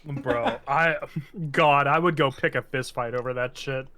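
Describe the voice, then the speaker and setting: A man chatting casually with friends while playing an online game, animated and quick to swear and laugh. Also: mid-range voice, clear, resonant tone. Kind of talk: casual gaming chat.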